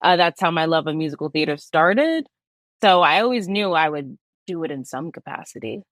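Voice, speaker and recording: Young woman, Bronx accent, low voice, dry studio sound; chatty guest who laughs easily. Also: expressive, moderate pace, fairly bright tone, no room sound. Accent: Bronx New York. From New York. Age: young adult. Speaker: guest, Broadway performer. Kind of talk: casual interview chat.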